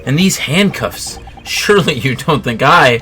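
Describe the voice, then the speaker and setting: Brief: anxious young defendant, read by a woman, halting, bright, slow. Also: very deep voice, animated, soft background music, voice pushed down, full character voice. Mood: dismayed. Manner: halting, dismayed.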